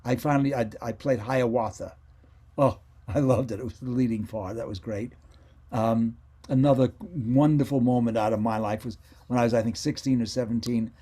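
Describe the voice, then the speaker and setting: With a steady, mellow, mid-range voice at a moderate pace, an older man shares memories of his time as a child radio actor. The interview is casual and held over video call, and he drifts from story to story, frequently correcting himself.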